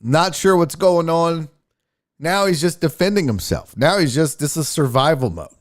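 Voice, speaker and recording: A man with a fairly high voice hosts a sports show and breaks down a clip. His talk is chatty and profane, with pitch that jumps all over. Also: lively intonation, moderate pace. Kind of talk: casual video breakdown commentary.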